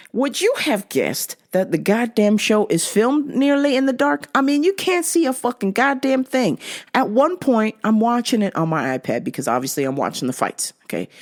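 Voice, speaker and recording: A young woman hosting her own show, ranting casually and comically, swearing freely and often breaking into laughter. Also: on the low side. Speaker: podcast host. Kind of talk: casual comedic rant.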